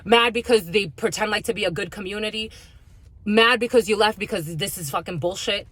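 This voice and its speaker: A woman's voice: medium pitch, a little fast, fairly bright tone, no room sound. Blunt, profane woman giving a spiritual reading. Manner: profane, blunt, rants heatedly. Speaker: spiritual reader. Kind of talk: intuitive reading monologue.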